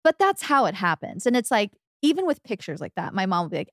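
A woman's voice: medium pitch, big pitch swings, fast talker, hardly any pauses, no room sound. Young woman podcast co-host, chatty storyteller, dry close mic. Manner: chatty storyteller, often acting out her mom's lines. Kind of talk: casual chat.

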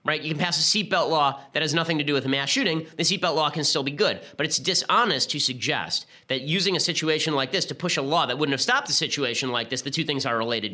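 A man hosting a podcast, delivering an argumentative political commentary monologue with quick restarts. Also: fairly high pitch, bright, forceful tone. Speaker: podcast host.

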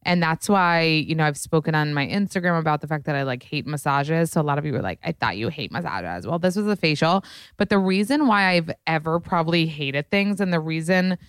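A woman's voice: low voice, a little fast, clear, resonant tone, no room sound, clean studio sound. A woman hosting her own podcast, chatting candidly and casually with lots of swearing and fillers. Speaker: podcast host. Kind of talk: casual solo podcast chat.

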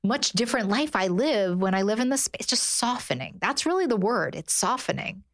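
A middle-aged woman, a therapist on a podcast, talking in an earnest, animated way and voicing her own inner thoughts. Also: mid-range voice, normal speed. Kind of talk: casual chat.

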